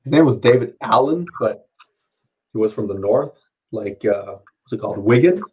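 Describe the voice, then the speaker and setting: A man's voice: lowish voice, moderate pace, husky, lo-fi sound. A man chatting casually at home, rambling, swearing and laughing often. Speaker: streamer. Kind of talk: casual chat. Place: home, under curfew.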